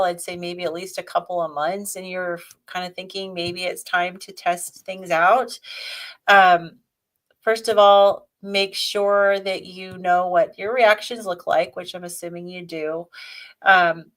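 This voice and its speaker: A woman's voice: medium pitch, a bit bright. A woman co-hosting a live Q&A, explaining practical advice step by step in a casual, conversational way. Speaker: co-host. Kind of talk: live Q&A chat.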